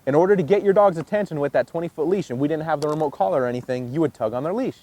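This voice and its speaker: A man teaching dog training, explaining casually and jumping into a high excited voice when he demonstrates praise. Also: rapid-fire. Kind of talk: instructional demonstration.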